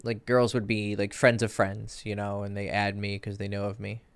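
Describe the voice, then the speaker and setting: A man's voice: on the low side, completely flat delivery, normal speed, gravelly, smooth. A man in his thirties, a dating coach, telling stories in a casual, rambling livestream Q&A with many fillers and restarts.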